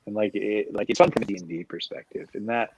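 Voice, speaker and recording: A man co-hosting a podcast, chatting casually in meandering, soft-spoken asides. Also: fairly low pitch, fast talker, noisy background. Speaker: podcast co-host. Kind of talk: casual chat.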